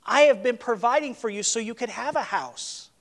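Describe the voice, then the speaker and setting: A man's voice: very high-pitched, moderate pace, gravelly, a bit bright, voice pushed up, full character voice. A man voicing a hurt husband who earnestly pleads with his unfaithful wife as he tells a sermon illustration. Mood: pleading.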